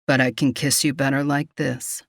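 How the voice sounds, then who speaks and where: A woman voicing a gruff, devoted young male warrior in a storybook romance, lowering her voice. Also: little pitch movement, moderate pace, dry recording, clean studio sound. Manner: gruff and vowing.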